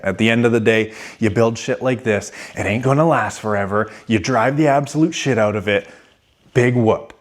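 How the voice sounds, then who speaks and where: A brash young man hosting a car vlog, talking casually with slang and swearing, sometimes mocking commenters in a raised whiny voice. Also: on the low side. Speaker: car channel host. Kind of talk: casual garage vlog talk.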